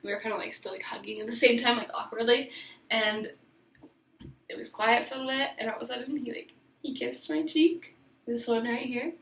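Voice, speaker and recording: A woman's voice: fairly high pitch, fairly even intonation, fairly quick, fairly bright tone, roomy sound, recorded from a distance, rough recording. Emotional young woman telling a love story. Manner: rambling, emotional, many fillers and restarts. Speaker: vlogger. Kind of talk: personal storytime vlog.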